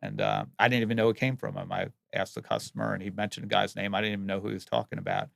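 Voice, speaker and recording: A man with a heavily gravelly, somewhat low, slightly bright voice talks earnestly about his home building work in casual interview answers. He speaks plainly but animated and racing, often restarting his words. The recording is dry and close.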